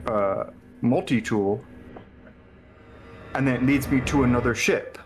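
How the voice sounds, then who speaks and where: A man's voice: medium pitch, unhurried, music in the background, low-quality recording. A man chatting casually, telling a laid-back, run-on story full of "and then". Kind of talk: casual chat.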